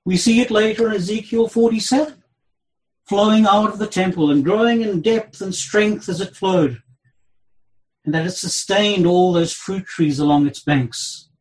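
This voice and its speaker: A man preaching an expository sermon, reading scripture aloud with a dramatic delivery that swings between loud and soft. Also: rough recording. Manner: dramatic, slow delivery with wide swings in pitch and loudness.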